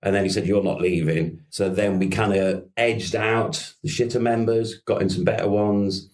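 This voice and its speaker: A man's voice: deep voice, fairly even intonation, normal speed, darkish tone. A middle-aged man from Merseyside with a Scouse accent, a musician guest in a podcast interview, rambling through anecdotes with laughs and casual swearing. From Merseyside, England.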